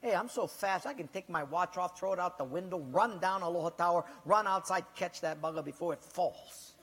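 A man voicing a boastful character in a joke, bragging about how fast he is. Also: sits high, fairly bright tone, husky.

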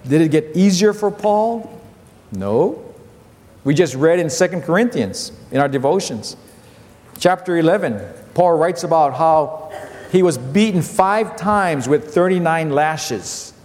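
A man in his fifties preaching a sermon as a pastor, telling stories with animated repetition and acting out his family's voices. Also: a little high, measured pace. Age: 50s. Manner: animated storytelling, repeats phrases, acts out family voices. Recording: long hall reverb.

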